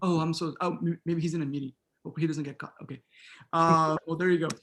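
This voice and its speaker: A man's voice: a little high, steady tone, fast, fairly bright tone, slight background noise. A middle-aged man leading an online pronunciation workshop over a video call, calling on students and repeating words back with frequent affirmations. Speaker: workshop instructor.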